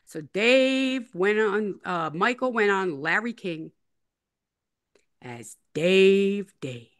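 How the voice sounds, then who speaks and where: A woman's voice: mid-range voice, expressive, takes it slowly. A woman interview guest in a casual chat, rambling, repeating herself and teasing in a playful way. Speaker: interview guest telling her story.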